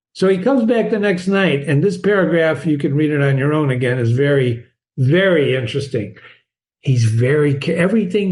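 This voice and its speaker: A man's voice: fairly high pitch, darkish tone. A man casually breaking down a short story for students, asking rhetorical questions and reading quoted lines aloud. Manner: chatty, frequent rhetorical "right?". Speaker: literature teacher. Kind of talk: conversational story analysis.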